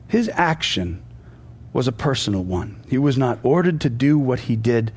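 A man preaching a sermon, telling a story and swinging between forceful peaks and hushed, quiet passages. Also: mid-range voice, expressive, normal speed, breathy edge.

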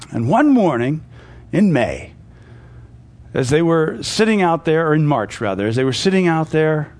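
A man preaching a sermon with a slightly raised pitch. He builds to forceful, lifted peaks, then drops to a hushed, quiet voice.

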